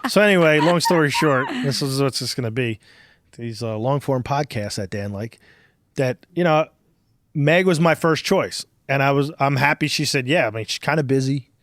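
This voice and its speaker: A man in his thirties hosts a casual podcast, rambling through stories with plenty of swearing and filler words. His voice sits at a middle pitch. The sound is dry and close, with no room echo. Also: expressive, moderate pace, fairly bright tone. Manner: profane, rambling storyteller with many fillers. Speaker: podcast host.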